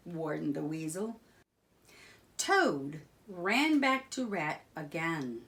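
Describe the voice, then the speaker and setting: A woman reading a children's storybook aloud, narrating slowly and expressively. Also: sits low, big pitch swings, fairly bright tone.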